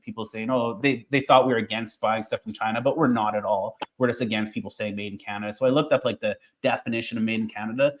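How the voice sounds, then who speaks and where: A man in a casual podcast chat, explaining things in a loose, rambling way. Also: medium pitch.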